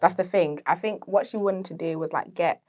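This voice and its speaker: A woman's voice: fairly low pitch, brisk, a little mellow. A young woman guest telling stories in a casual interview, chatty and full of fillers, laughing often. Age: young adult. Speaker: podcast guest, interior decor founder.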